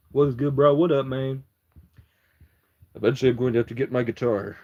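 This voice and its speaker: A man's voice: mid-range voice, fairly even intonation, fairly quick, pauses often, dark tone. A man livestreaming and chatting to his viewers, rambling and swearing as he talks. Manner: profane, rambling, answers chat.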